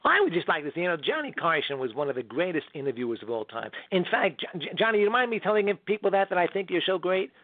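A man impersonating a veteran late-night host, slow and gracious, over a phone line. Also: high voice, very animated, dry recording.

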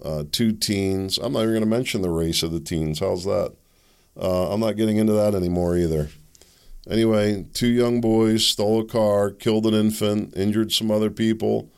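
A man's voice: on the low side, fairly even intonation, moderate pace, creaky, a little mellow, clear, resonant tone. A man hosting a solo commentary show, rambling and opinionated, with sardonic asides. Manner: rambling, opinionated, sardonic, with mocking put-on quotes. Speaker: podcast host.

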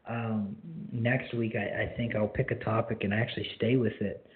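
A man's voice: lowish voice, flat delivery, normal speed, slightly rough. A man in his twenties hosting a ministry radio show, sharing a friendly, straightforward and rambling spoken testimony. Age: 20s. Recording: phone-like lo-fi line.

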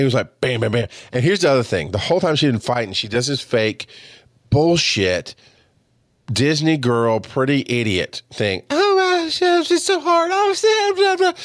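A man in his thirties telling personal stories as a podcast host, expressive and casual, swearing freely and acting out what people said. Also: fairly low pitch, no echo, clean studio sound. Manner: expressive, swears casually, acts out quoted dialogue. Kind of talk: personal storytelling monologue.

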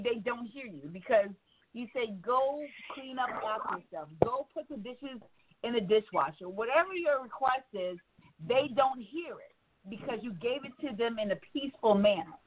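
Blunt woman host on a tinny line. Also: on the high side. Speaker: radio show host. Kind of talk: candid talk radio discussion. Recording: tinny phone line with faint noise.

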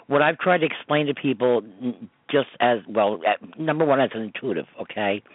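A man who works as an intuitive explains things gently and agrees readily with the others. His voice is dry and tinny over the phone line. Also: mid-range voice, a little fast, no echo. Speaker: intuitive guest. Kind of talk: casual radio chat.

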